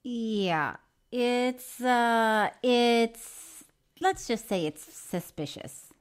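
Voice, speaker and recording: High-voiced woman co-hosting a chatty podcast. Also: extremely slow, clear, resonant tone. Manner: laughs often, reads letters in a lively voice. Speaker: podcast co-host. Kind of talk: casual podcast chat, reading listener mail.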